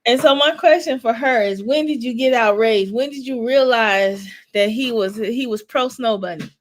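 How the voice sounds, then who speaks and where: A woman hosting a casual podcast, animated and chatty, acting out what others said. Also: on the high side, moderate pace. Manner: animated, acts out quotes. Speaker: podcast host.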